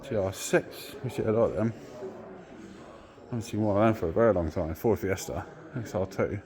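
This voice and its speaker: A man giving a casual, excitable walking tour of a car museum, gushing and swearing over the cars he loves. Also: lowish voice, moderate pace. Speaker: car vlogger. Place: indoor car museum, busy hall.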